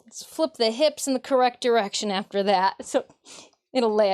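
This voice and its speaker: A woman's voice: a little high, normal speed, darkish tone. A woman from Michigan, a cosplayer streaming as she builds a costume, chatting casually with her viewers, muttering to herself and laughing often. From Michigan, USA. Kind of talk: casual livestream chat while crafting. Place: indoor craft workspace.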